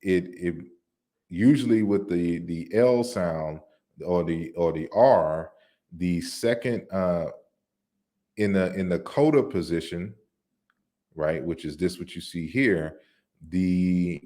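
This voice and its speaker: Slow, deep-voiced man explaining slides. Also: dark tone. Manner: deliberate, explanatory, with many restarts and fillers. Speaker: lecturer on African languages. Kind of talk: online lecture walking through slides.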